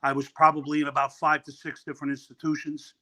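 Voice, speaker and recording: Man, ex-prisoner guest, blunt matter-of-fact talk, bright forceful voice. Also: a little high, completely flat delivery, fast. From New York. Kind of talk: casual live-stream chat.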